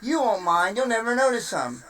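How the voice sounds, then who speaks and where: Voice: medium pitch, sing-song, normal speed, a bit bright, poor audio. A streamer doing a breezy, mock-reassuring program. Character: sneaky chirpy software persona.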